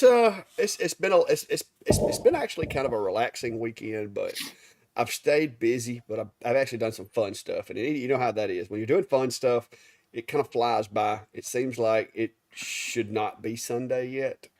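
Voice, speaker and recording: A man's voice: medium pitch, animated, moderate pace, no echo, clean studio sound. A middle-aged man with a Southern Alabama accent, co-hosting a live stream in an easygoing drawl and stumbling over names. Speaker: live show co-host. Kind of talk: casual live-stream chat.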